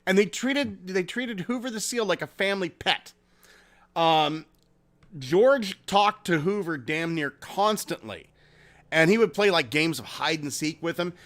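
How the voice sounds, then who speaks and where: A man hosting a casual podcast, reading chat comments and telling stories in a profane, animated way. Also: high voice, unhurried. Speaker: podcast host.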